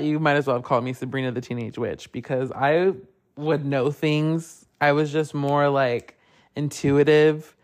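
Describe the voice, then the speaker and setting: A young man hosting a podcast, telling a personal ghost story in a casual, profane way, full of fillers. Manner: chatty, profane, lots of "like" fillers; puts on high voices when quoting others. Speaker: podcast host.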